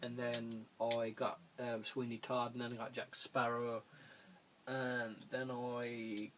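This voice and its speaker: Slow, rambling guy. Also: medium pitch, flat delivery, fairly bright tone, a little hiss or hum. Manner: rambling, chuckling, casually swearing. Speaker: vlogger answering viewer questions. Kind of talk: casual Q&A video. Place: room at home.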